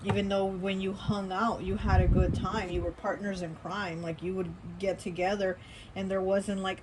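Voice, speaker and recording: A woman's voice: medium pitch, flat delivery, brisk, very noisy. A woman giving a casual tarot reading in a rambling, chatty way, with lots of fillers and restarts. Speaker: tarot reader.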